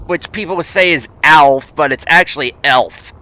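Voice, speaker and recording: A male game streamer talks loosely to his viewers, wandering through thoughts with frequent restarts and fillers. His voice is bright and forward with a smooth, clean tone. He is easygoing and pokes fun at himself. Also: on the high side, normal speed, no room sound. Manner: rambling, with many fillers and restarts; easygoing and self-deprecating. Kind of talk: casual gameplay commentary answering chat.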